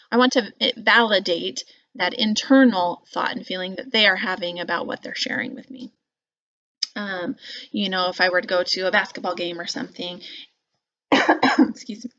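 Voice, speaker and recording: A woman teacher explaining parenting advice in casual talk, with many fillers and animated example phrases. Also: fairly low pitch, no room sound, highs cut off.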